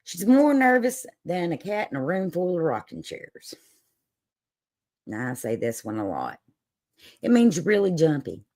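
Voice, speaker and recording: A woman from the Southern hills speaking with a rough-edged Appalachian accent, hosting a casual livestream. Her voice sits low but rises and falls with animated melody. She takes her time, folksy and a little sassy, with frequent laughter. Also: measured pace, pauses often. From Southern United States, Appalachian holler. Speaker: livestream host.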